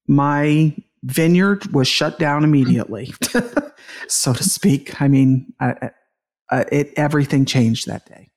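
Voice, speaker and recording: A middle-aged woman with a gravelly edge recounts a painful family memory to an interviewer. She laughs through grief and restarts her sentences often. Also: deep voice, slow pace, darkish tone. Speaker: guest, bereaved mother and author. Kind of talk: conversational interview storytelling.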